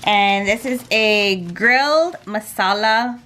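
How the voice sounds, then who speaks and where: A woman's voice: medium pitch, slow, bright, forceful tone, slight background noise. A woman, the host's aunt, chatting and teasing playfully with family on camera. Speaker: aunt of the host. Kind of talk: casual chat with family.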